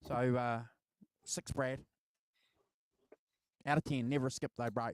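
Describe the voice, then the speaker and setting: A man's voice: mid-range voice, steady tone, takes it slowly, no room sound. A man co-hosting a casual album review chat, rambling with lots of fillers. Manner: rambling, filler-heavy, laughs easily. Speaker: co-host.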